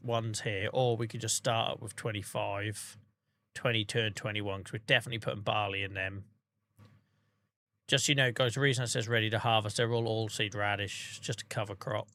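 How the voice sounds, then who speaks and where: A man's voice: lowish voice, bright, forceful tone. A man with a Norfolk accent, chatting casually to his viewers while playing a farming game on a stream. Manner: chatty, laid-back, talking to chat while playing. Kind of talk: casual gaming stream chat.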